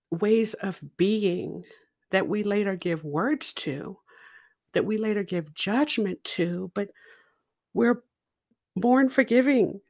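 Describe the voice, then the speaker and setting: Slow, deliberate storytelling woman. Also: medium pitch, creaky. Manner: slow, deliberate and expressive, with laughs. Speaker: podcast guest speaker. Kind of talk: personal storytelling.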